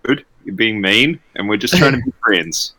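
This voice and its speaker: A man's voice: on the low side, animated, moderate pace, bright, forceful tone, poor audio. A man voicing a cheerful, naively friendly pacifist wizard in a tabletop game. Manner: friendly, disarming, light.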